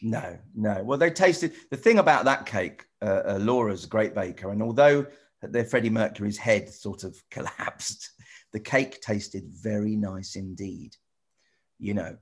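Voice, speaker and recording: A man presenter chatting with children in a casual video call, rambling and restarting often, gentle and encouraging. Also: fairly low pitch, unhurried. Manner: rambling, stop-start, many repeated "you know". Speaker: TV presenter answering children's questions.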